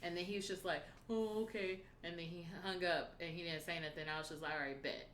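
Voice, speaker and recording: A young woman telling a story in casual livestream chat, animated and profane, acting out the lines of the people in it. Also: sits low, fast talker, reverberant, a little hiss or hum. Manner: animated, profane, acts out quotes.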